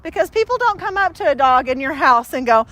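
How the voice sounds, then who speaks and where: A woman's voice: sits high, big pitch swings, brisk, fairly bright tone. A woman dog trainer giving a casual training demonstration, chatting with many fillers and breaking off for short, upbeat praise to the dog.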